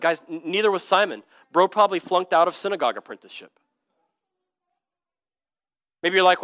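A man with a high, bright voice preaches a sermon in church. He speaks earnestly and emphatically, drops casual slang and often repeats words as he builds a point. The sound is dry and close. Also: sing-song, quick pace, hardly any pauses, dry recording. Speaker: pastor. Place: church service.

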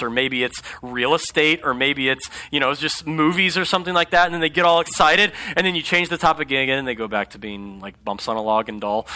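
A man preaching a conversational sermon, often checking in with his congregation by asking "right?". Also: fairly high pitch. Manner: conversational, animated, asks the audience "right?". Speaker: pastor.

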